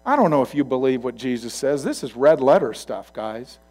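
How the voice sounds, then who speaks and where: A male pastor giving a sermon in a conversational storytelling way, swinging from loud to quiet asides. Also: medium pitch, lively intonation, moderate pace.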